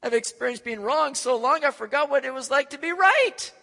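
A man preaching, acting out an eager, brash male apostle in a loud, high voice. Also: animated, moderate pace, slightly rough, in a large hall, exaggerated voice. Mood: elated. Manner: high-pitched, loud, pleading.

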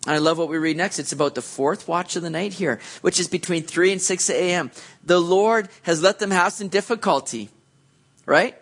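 Guy preaching a sermon, kinda high-ish voice, gets animated telling the story. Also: moderate pace. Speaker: pastor.

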